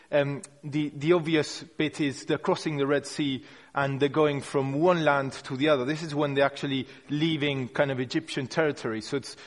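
A man giving an informal sermon, talking through a passage in a conversational, unpolished way, often restarting phrases. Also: a little high. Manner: conversational and unpolished, with frequent restarts and hedging words. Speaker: preacher. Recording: long hall reverb.

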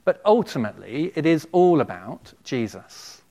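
A man, a pastor giving a sermon in a church, earnest and measured. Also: a little high, very animated, mellow. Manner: earnest, measured preaching with quotations read aloud.

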